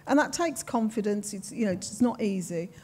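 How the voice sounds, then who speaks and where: A woman's voice: mid-range voice, expressive, normal speed, dark tone. An older woman with a Birmingham accent, speaking frankly and emphatically as a panelist in a discussion. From Birmingham, England. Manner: frank, emphatic, self-assured.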